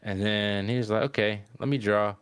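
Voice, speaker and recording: A man's voice: on the low side, moderate pace, smooth, no room sound, clean studio sound. A young man casually recapping an anime episode on a podcast, acting out the characters' lines and checking in with "right?" all the time. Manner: animated retelling, acts out characters' lines with "yo" and "right?". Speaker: podcast co-host.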